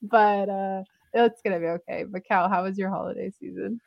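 A woman's voice: mid-range voice, steady tone, normal speed, creaky, dry recording, highs cut off. A woman in her twenties co-hosting a casual sports podcast, upbeat and chatty, laughing easily. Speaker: podcast co-host.

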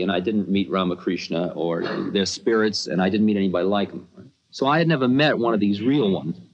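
A man's voice: on the low side, dull audio. A man telling a personal story in a rambling, conversational talk full of asides.

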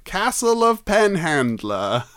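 A man's voice: high-pitched, sing-song, slow, fairly bright tone, clear, resonant tone, dry recording, clean studio sound. A man co-hosting a comedy podcast, chatting casually and teasing playfully. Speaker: podcast co-host.

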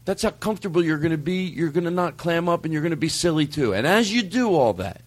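Male comedy podcast host, giggly, lively swinging pitch. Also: fast, dry recording. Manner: giggly, excitable, swings loud and quiet. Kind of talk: loose comedic banter.

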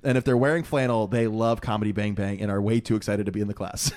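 A man's voice: on the low side, fairly even intonation, fast, a little mellow. A man co-hosting a podcast in casual chat, rambling and laughing often. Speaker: podcast co-host.

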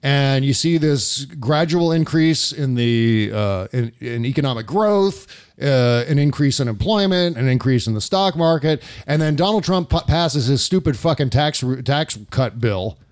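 A man in a casual podcast chat rants heatedly about politics and swears freely. He talks in a middle-pitched voice and often restarts his sentences partway through. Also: lively intonation, measured pace. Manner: heated, profane ranting with many restarts. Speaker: podcast host.

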